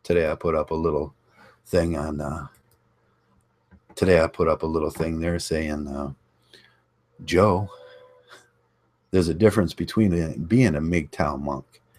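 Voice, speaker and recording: Man, deep voice, slight rasp, blunt combative rant, repeats his points. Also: fairly even intonation, a little slow, pauses often, darkish tone. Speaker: online channel host. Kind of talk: ranting monologue.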